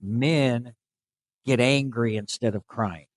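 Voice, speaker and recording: A man's voice: mid-range voice, takes it slowly, no echo, low-quality recording. A man co-hosting a podcast, speaking candidly and reflectively in casual conversation. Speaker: podcast co-host.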